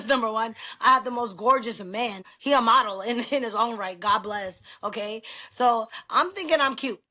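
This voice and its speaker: A middle-aged woman of Pakistani heritage in a casual podcast chat, talking in an animated, emphatic way and swearing freely. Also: a little high, moderate pace, few pauses. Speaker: podcast guest.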